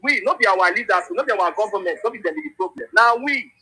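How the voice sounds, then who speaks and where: A man speaking Nigerian Pidgin in an impassioned political commentary, animated and repetitive with frequent restarts. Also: high-pitched, quick pace, husky, low-quality recording. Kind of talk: impassioned monologue.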